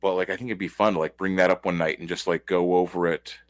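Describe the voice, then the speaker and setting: A man's voice: deep voice, fairly even intonation, fast talker. A man giving a casual, rambling comic book review, enthusiastic and packed with fillers.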